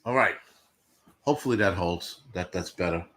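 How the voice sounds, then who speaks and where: A man's voice: low-pitched, normal speed, fairly bright tone. A man hosting a livestream, ranting bluntly and profanely to his chat in casual talk. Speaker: livestream host.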